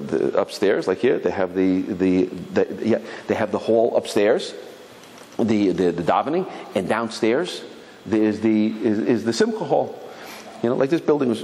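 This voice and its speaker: A man, a rabbi, telling a story to his congregation in a lively sermon style, acting out the voices of the people in it. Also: lowish voice. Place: synagogue hall. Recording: long hall reverb, faint ambience.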